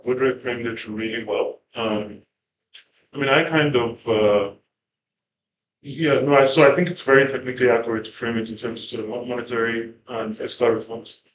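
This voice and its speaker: Man, mid-pitched, thoughtful panel talk full of fillers, roomy room tone. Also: fairly even intonation, moderate pace. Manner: thoughtful, hedging, many fillers and restarts. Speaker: panel guest. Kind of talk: conversational panel discussion. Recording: roomy with faint background ambience.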